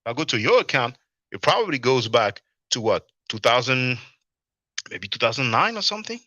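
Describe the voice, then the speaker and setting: Laughing frequently, a man on a casual livestream reads viewers' chat comments aloud and answers them. His mid-range voice is pushed and bright, fairly quick with big pitch swings, and the dry stream audio sounds dull and lo-fi.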